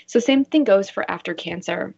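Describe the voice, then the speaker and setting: Woman, radio guest, earnest, animated, gravelly fry, muffled lo-fi audio. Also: medium pitch, moderate pace. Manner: earnest, animated, acts out quoted voices. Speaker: guest expert, bra fitter. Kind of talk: casual radio interview. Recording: dull lo-fi sound.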